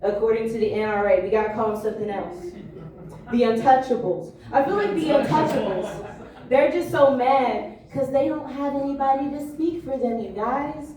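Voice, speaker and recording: A woman's voice: a little high, normal speed. A woman performing a casual stand-up set on a comedy club stage, chatting with the crowd. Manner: conversational, addresses crowd as y'all. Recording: echoey room from far off.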